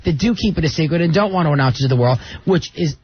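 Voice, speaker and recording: A male studio guest in casual radio chat, talking theatrically with halting restarts. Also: fairly high pitch, breathy edge. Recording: dull lo-fi radio broadcast.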